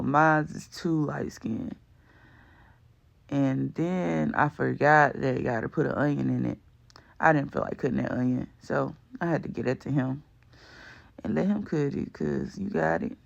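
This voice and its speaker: This man runs a cooking vlog and does a chatty, rambling voice-over full of slang and filler words. His mid-range voice has vocal fry, and the audio's highs are cut off.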